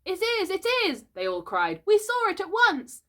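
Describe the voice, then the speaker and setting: A woman doing eager young boys, squeaky high. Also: wildly swooping pitch, normal speed, sharp tone, heavily acted. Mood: pleading. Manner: eager and pleading. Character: excited group of young boys.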